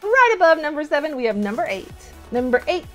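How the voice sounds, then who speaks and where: A woman's voice: high voice, very animated, a little fast, soft background music. A woman hosting a toy unboxing vlog, gushing, gasping and exclaiming often as she opens each piece. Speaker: toy unboxing channel host.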